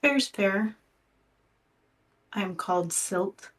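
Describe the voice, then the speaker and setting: A woman's voice: medium pitch, animated, slow pace, distant mic. A woman playing in a tabletop game, giving cool, guarded replies in character. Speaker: player.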